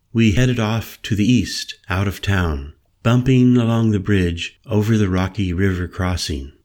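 A man narrating a first-person story in a measured, calm storytelling manner. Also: sits low. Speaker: audiobook narrator.

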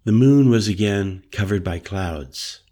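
A male narrator reading an audiobook story in a measured, deliberate way. His voice is low, and he takes his time with every line. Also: mellow.

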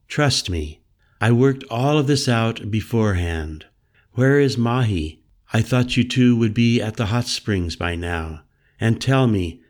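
A calm, commanding woman, read by a man in an audiobook story, giving orders in a firm, measured way. The voice sits low and moves slowly and deliberately.

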